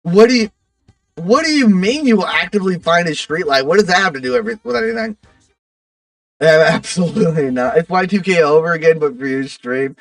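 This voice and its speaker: A man's voice: high-pitched, animated, a little fast, a bit bright, no echo, recorded from a distance. A man chatting casually on his livestream, rambling to his chat with lots of fillers.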